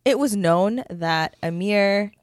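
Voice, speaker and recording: A woman's voice: medium pitch, takes it slowly, no echo, studio quality. A woman co-hosting a podcast, telling stories and teasing in playful casual chat. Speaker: podcast co-host.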